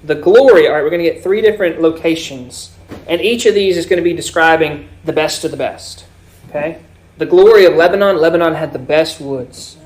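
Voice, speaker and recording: A man's voice: a little high, fairly quick. Preaching man with dynamic swells. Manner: explanatory preaching, dynamic swells and drops in loudness. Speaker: pastor. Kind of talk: sermon.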